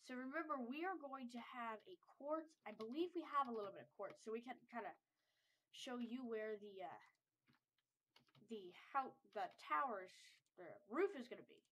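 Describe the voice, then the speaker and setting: Woman, higher voice, congested, casual gameplay chatter, thinking aloud. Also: lively intonation, normal speed, a bit bright, rough recording. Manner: rambling, thinking aloud while building. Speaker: server owner playing a game.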